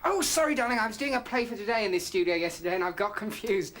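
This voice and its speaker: A comedy performer playing a henpecked sitcom husband who grumbles deadpan and barks a catchphrase. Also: medium pitch, quick pace, close to an everyday voice. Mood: grumbling. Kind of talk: sketch comedy parody acting.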